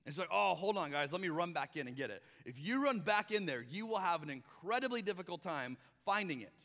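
A man's voice: sits high, expressive, a little fast, a bit bright, big-room sound. A man preaching a conversational sermon as pastor, often acting out the voices he quotes.

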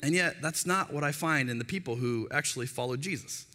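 A pastor in his thirties delivers his sermon briskly in a fairly high voice, acting out the voices of the characters in his lively stories. The sound carries a long hall reverb.

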